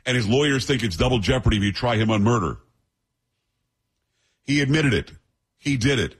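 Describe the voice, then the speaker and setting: A man hosting a talk radio show, giving brisk, opinionated commentary and teasing his co-hosts. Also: mid-range voice, slightly rough.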